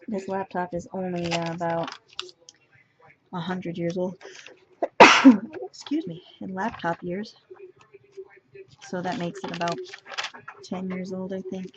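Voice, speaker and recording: This journaling vlogger talks slowly in a low voice, pausing often as she casually shows off her pages at home. She seems a little tired and keeps sneezing while thinking aloud. Steady background noise sits under the dull, lo-fi audio.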